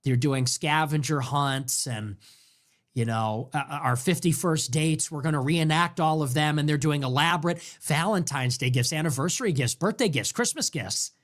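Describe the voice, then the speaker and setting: A man's voice: fairly high pitch, moderate pace. A man hosting a live stream, ranting in a sarcastic, mocking way. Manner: sarcastic and mocking, jumps into mock voices. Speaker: political livestream host.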